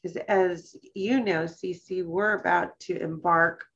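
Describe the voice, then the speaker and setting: Slow, low-voiced woman podcast host. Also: fairly even intonation, gravelly, fairly bright tone, slightly rough, dull audio. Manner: slow, thoughtful, reads passages aloud carefully. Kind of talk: casual chat.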